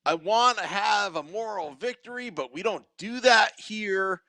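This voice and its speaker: A man's voice: high-pitched, measured pace, gravelly, bright, forceful tone, no room sound. A man hosting a hockey recap podcast in a playful, self-aware reporter voice, recorded on a studio mic. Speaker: podcast host.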